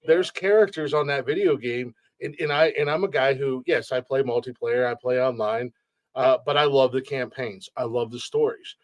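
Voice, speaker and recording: A man's voice: medium pitch, normal speed, dry recording. A man hosting a casual podcast chat, rambling and swearing freely, with many restarts. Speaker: podcast host. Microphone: remote call setup.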